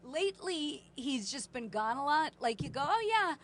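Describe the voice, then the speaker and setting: A woman co-hosting a casual chat, teasing and quick to laugh. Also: high-pitched, expressive. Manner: chatty, teasing, laughs often.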